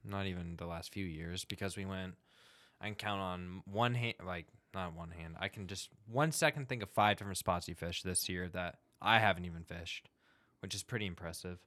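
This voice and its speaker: Low-voiced man in casual chat. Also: moderate pace, sharp tone, dry recording, clean studio sound. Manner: laughs easily, encouraging. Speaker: podcast co-host.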